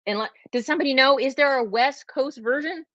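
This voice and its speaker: Her voice sits high, fairly bright and slightly nasal, and she talks a little fast. She is a Californian woman with a matching accent who rambles casually while hosting a livestream and answering viewer questions, saying "like" often. The recording sounds dull, lo-fi and dry, with no echo.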